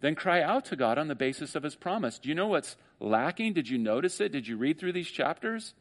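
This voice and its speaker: A middle-aged man preaching a sermon, animated, acting out quoted voices and laughing often. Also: a little high, brisk. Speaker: pastor.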